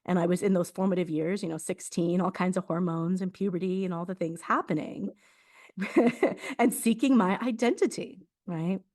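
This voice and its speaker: A woman's voice: on the low side, moderate pace, darkish tone. Reflective woman, laughing often. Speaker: podcast host. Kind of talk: casual spiritual conversation.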